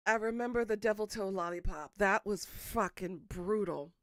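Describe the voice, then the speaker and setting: A woman's voice: medium pitch, moderate pace, fairly bright tone, no echo, studio quality. A woman streaming a spicy food challenge, swearing, groaning and coughing as she talks to her chat. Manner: swears a lot, groans and coughs through the heat. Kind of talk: livestream hot-sauce challenge chat.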